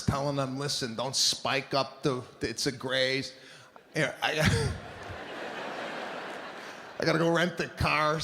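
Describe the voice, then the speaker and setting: A man doing stand-up, telling a story in an animated, exasperated way, swinging between loud bursts and mutters. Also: a little high, gravelly, slight background noise. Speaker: stand-up comedian.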